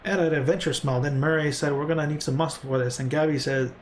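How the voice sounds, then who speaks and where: A man's voice: fairly high pitch, fairly even intonation, fast, slight background noise, natural voice. A man voicing an eager young goblin flapper woman who speaks of herself in the third person.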